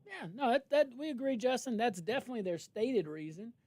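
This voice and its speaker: A man's voice: very high voice, very animated, mellow, no echo. Man, talk radio host, emphatic, incredulous, dry studio sound. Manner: emphatic, incredulous, quick to laugh. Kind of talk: political talk radio banter.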